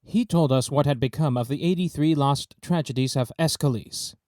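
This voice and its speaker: A man narrating a classic short story in a measured, lightly theatrical way. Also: medium pitch, warm tone, dry recording, studio quality. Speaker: audiobook narrator.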